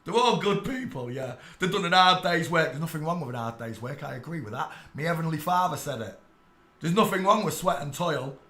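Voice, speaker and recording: An English man ranting on a live stream, preachy and irate, swearing and bursting into shouts at his chat. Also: fairly high pitch, lively intonation, fairly quick, roomy sound, slight background noise.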